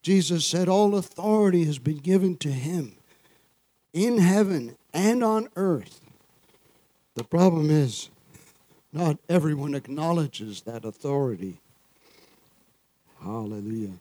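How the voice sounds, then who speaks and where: A pastor with a voice on the high side preaches slowly and animatedly, pausing often, his tone mellow in a dry recording. He uses call-and-response, frequently asking the congregation "Amen?" and chuckling between points.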